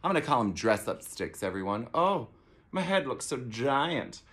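A man's voice: mid-range voice, very animated, normal speed, fairly bright tone. A man directing a theater camp, gushing and theatrical as he unboxes a gift box in a promotional video.

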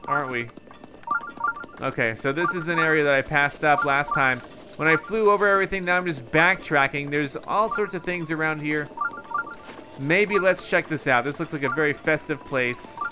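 A man doing casual let's play commentary, musing to himself and easily distracted. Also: a little high. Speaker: gaming video host.

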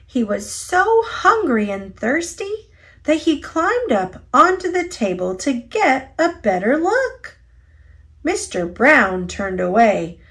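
Woman reading a kids book, super slow, voice goes all up and down, kinda high. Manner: slow, expressive. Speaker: storybook reader. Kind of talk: children's read-aloud narration.

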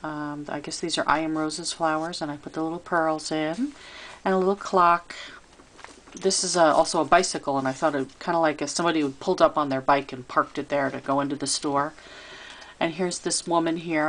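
A woman giving a chatty, relaxed show-and-tell of a handmade craft piece, filming it herself. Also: deep voice, a little fast. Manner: chatty and relaxed, with fillers and little asides. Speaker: crafter showing her handmade album. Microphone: camera she handles while filming.

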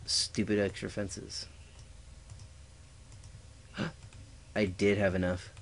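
Man, lower voice, goofy self-talk, mouth sound effects, casual let's play commentary, faint hiss behind. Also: flat delivery, very slow, creaky. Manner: goofy, talks to himself, makes sound effects.

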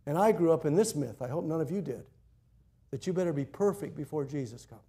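Animated storytelling male pastor. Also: fairly high pitch, fairly quick, slightly rough. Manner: animated storytelling, swinging from loud emphasis to quiet asides. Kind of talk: sermon. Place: church.

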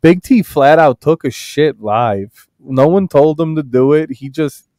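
A man's voice: a little high, animated, unhurried, mellow, no echo, clean studio sound. A man hosting a casual live stream, reading chat messages aloud and joking crudely with friends. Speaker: stream host.

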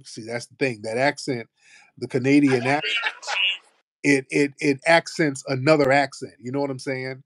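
A man's voice: mid-range voice, fairly even intonation, normal speed, noisy background. Brash, profane American man hosting. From United States. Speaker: host of a live audio space. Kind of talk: casual live chat.

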